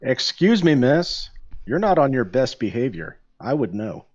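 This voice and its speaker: A man's voice: mid-range voice, very animated, a little slow, muffled recording, voice pushed up. A man voicing Orion, a polite male winged pony adventurer, in a prim manner.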